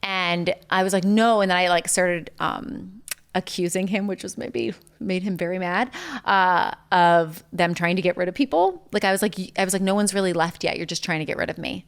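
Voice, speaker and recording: A woman's voice: on the low side, moderate pace, smooth. A young woman telling a story as a podcast guest, chatty, full of "like" and "um", acting out what others said. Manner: chatty, lots of "like" and "um", acts out quotes. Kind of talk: casual storytelling interview.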